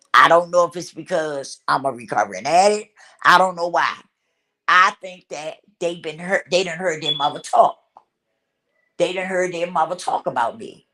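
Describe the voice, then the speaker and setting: A middle-aged woman talking casually into her own vlog, retelling a family story with animated back-and-forth and a habit of repeating "I said.". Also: fairly low pitch. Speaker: vlogger.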